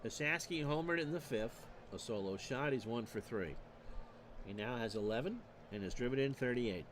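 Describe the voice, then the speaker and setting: A man calling baseball play-by-play for a streamed replay, measured and stat-heavy with dry asides. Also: mid-range voice, lively intonation, a little hiss or hum. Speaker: play-by-play announcer.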